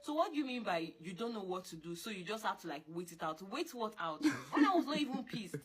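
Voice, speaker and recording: A young woman, talking in an animated, scolding way, repeating her points and jumping up in pitch when she insists. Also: quick pace, slight background noise. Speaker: girlfriend in a couple argument. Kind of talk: casual heated monologue.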